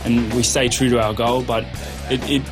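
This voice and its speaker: A young Australian man, a fighter, talks earnestly in a reality show confessional, stumbling and restarting as he speaks. His voice sits at an ordinary middle pitch. Music plays clearly underneath him. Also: flat delivery, moderate pace.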